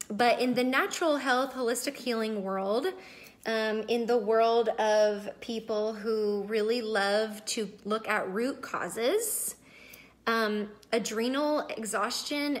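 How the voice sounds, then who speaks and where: A woman in her thirties hosting a casual live video, chatting to viewers, greeting them by name and sounding emotional and close to tears. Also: a little high. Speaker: wellness livestream host.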